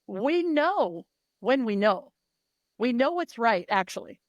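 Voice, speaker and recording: Woman, middle-aged, coach, emphatic, blunt, fairly high voice, dry close sound. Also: big pitch swings, slow pace, no echo, dull audio. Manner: emphatic, blunt, swears freely. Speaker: mental performance coach. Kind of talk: casual interview talk.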